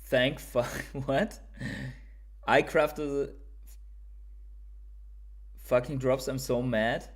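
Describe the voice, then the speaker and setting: Male livestream host, German accent, mid-pitched, chatty and unpolished, swears, ends lines with "right?". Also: fairly even intonation, extremely slow, pauses often. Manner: thinks aloud, swears, keeps adding "right?". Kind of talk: casual livestream chat.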